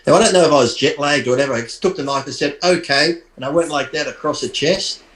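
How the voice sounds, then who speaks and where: A man's voice: fairly high pitch, rapid-fire, fairly bright tone, roomy sound, rough recording. A man telling a blunt, profane personal story as a podcast guest, laughing as he goes. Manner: blunt, swears often, laughs through his story. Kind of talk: crude anecdotal storytelling.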